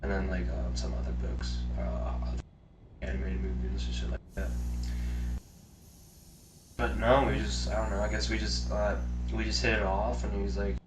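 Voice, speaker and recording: A man's voice: lowish voice, moderate pace, pauses often, background noise. A man casually rambling as a podcast co-host, swearing here and there. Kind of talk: casual chat. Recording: roomy distant mic with music.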